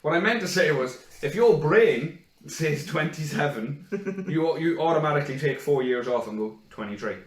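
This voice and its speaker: A man's voice: fairly high pitch, lively intonation, moderate pace, echoey room, far from the mic. A man bantering and cracking jokes in casual chat, swearing freely. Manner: jokey, profane banter.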